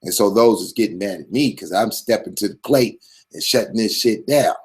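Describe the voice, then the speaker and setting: A man's voice: fairly low pitch, normal speed. A man hosting his own channel, giving a blunt, profane, streetwise commentary monologue with a preachy swagger.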